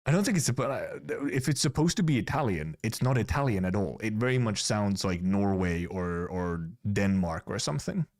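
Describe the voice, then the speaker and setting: A man's voice: on the low side, animated, normal speed, hardly any pauses, darkish tone. A Finnish streamer chatting casually as he reviews game content, rambling and restarting his words. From Finland. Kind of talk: casual live-stream commentary.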